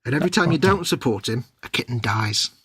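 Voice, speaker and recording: A man's voice: mid-range voice, expressive, quick pace, fairly bright tone, breathy edge, no echo. A man co-hosting a casual live stream chat, teasing and jokey, wandering off on silly tangents. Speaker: co-host.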